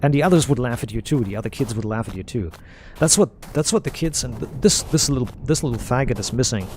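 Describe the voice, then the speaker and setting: A man's voice: mid-range voice, animated, fast talker, a little mellow, slight background noise. A man rambling bluntly over a game playthrough, repeating and restarting his phrases as he goes. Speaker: gamer streaming a playthrough. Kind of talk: casual rambling commentary while playing.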